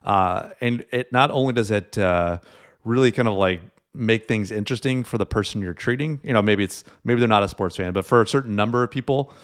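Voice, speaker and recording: A man's voice: lowish voice, fairly quick. A man co-hosting a podcast, talking in a thoughtful, casual way with plenty of "you know" and "uh". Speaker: podcast co-host.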